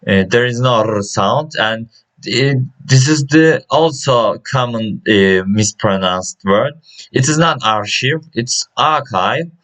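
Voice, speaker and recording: A man works through a pronunciation lesson at an unhurried pace. His voice sits at a middling pitch, and he halts often with fillers and restarts as he reads words and their example sentences. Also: a bit bright, rough recording. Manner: slow and hesitant, many restarts and uh fillers. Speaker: pronunciation teacher.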